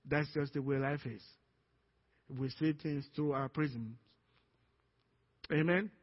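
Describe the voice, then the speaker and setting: A male pastor with a Nigerian accent preaching a sermon, animated, acting out little dialogues as he teaches. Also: fairly high pitch, slow, long reverb tail. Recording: dull lo-fi sermon recording.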